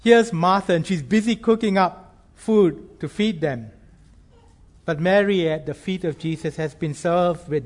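A man preaching a sermon in an earnest, measured way, slowing down to stress key phrases. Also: sits high.

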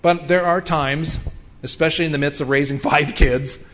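A man's voice: on the high side, fairly even intonation, normal speed, a bit bright. A man in his fifties preaching a sermon in an earnest, conversational way, with frequent ums and restarts. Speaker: pastor.

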